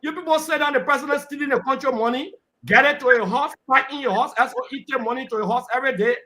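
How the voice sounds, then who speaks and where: Brief: man, high-pitched panelist, combative and lecturing, heated political debate. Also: fast, sharp tone. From Liberia. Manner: combative, lecturing, talks over interruptions.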